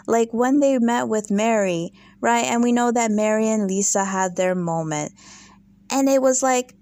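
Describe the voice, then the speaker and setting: A woman's voice: medium pitch, creaky, darkish tone, no echo. A woman hosting a casual reality TV recap, opinionated and sarcastic. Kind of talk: casual commentary vlog.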